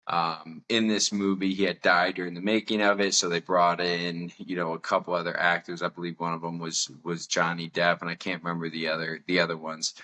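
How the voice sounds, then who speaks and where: Low, bright-toned man telling a story. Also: level tone, a little fast, few pauses. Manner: candid and self-mocking, laughs often. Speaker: podcast host. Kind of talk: personal storytelling.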